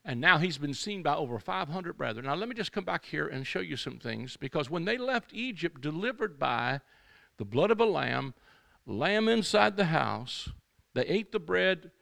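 A man preaching a sermon to a church congregation. He exhorts the crowd with call-and-response, moves between shouting and quiet storytelling, and wanders into asides. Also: on the high side, gravelly. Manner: rambling asides, acts out quoted speakers.

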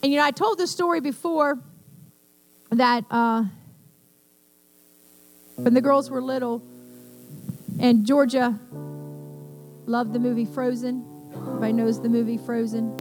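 A woman's voice: fairly high pitch, steady tone, a little slow, pauses often, no room sound. An older woman preaching a sermon, telling stories with passion and acting out the quoted lines. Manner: impassioned, storytelling with acted quotes. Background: piano music.

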